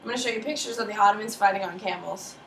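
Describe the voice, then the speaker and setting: Lively teacher woman, echoey classroom. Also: mid-range voice, very fast, creaky, slight background noise. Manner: lively, casual, jokey, quizzes students by name. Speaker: history teacher. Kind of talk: classroom lecture. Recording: echoey classroom from far off with faint ambience.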